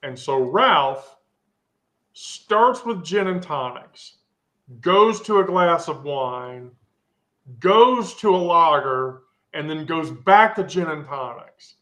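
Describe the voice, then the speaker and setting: A woman's voice: sits low, expressive, takes it slowly, fairly bright tone. A woman hosting a live social stream, telling a rambling, profane story full of asides.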